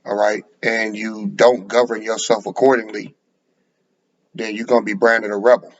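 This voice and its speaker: A man's voice: on the low side, level tone, normal speed. A man preaching bluntly, lecturing and repeating words as he speaks, in a dull lo-fi recording. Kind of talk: sermon to camera.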